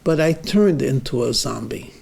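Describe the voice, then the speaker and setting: A man voicing a stubborn husband who calmly insists he is a zombie, in a told joke. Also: mid-range voice, normal speed, gravelly, slightly rough, full character voice. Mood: insistent. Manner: calm, matter-of-fact insistence.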